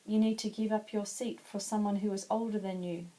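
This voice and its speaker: A helpful shopkeeper in a told children's story, as a woman voices him, patiently explaining the rules. The tone is mellow and soft. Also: medium pitch, fairly even intonation, fairly quick, lightly acted, rough recording.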